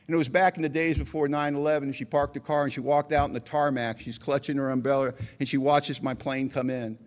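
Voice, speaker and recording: A man's voice: a little high, steady tone, fairly quick, hardly any pauses. Earnest man telling his recovery story. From United States. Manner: earnest storytelling with acted quotes and self-deprecating humor. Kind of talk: storytelling talk at a recovery meeting.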